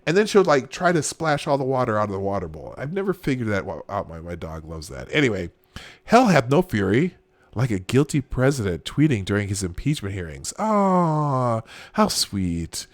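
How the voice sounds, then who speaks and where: A man's voice: mid-range voice, very animated, moderate pace, no echo. A man hosting a casual live show, reacting to online posts with frequent exclamations and laughter. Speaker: host.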